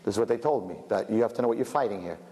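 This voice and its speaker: A man in his fifties telling a story in a lecture, building to emphatic, high exclamations. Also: racing, mellow. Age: 50s. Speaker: religious teacher. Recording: reverberant hall with faint noise.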